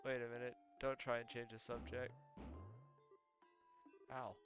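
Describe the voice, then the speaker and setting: A man reading a wary, wounded teenage boy's lines in a flat monotone. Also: medium pitch, a little slow, soft background music, lightly acted. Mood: guarded.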